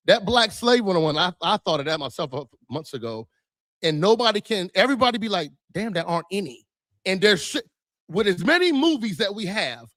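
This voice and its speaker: A man's voice: high voice, fairly bright tone, no room sound. A man talking as a podcast guest, blunt and swearing freely in casual chat.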